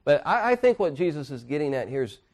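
A man pastor preaching a sermon in church, earnestly, dropping to quiet asides and rising to emphatic points. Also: a little high, sing-song, fast talker. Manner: earnest preaching, swinging between hushed and emphatic.

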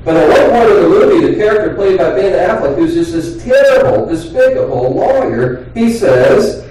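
Male pastor, earnest conversational sermon, mellow tone, booming echoey church, mic at a distance. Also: lively intonation. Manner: earnest, conversational preaching with pauses and restarts. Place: church sanctuary. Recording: very echoey hall, voice from far off.

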